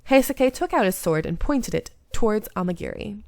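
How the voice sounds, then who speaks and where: A woman reads a visual novel aloud in first person, in a mid-range voice. She breaks off now and then for quick asides. The sound is dry and close to the mic. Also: mid-range voice, expressive, darkish tone, no room sound. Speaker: gaming YouTuber.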